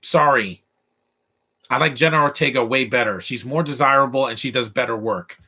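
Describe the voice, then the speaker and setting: A man's voice: medium pitch, moderate pace, pushed and bright. A man in his twenties giving casual live commentary over a film, blunt and opinionated, rambling with many restarts. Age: 20s. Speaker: movie commentator.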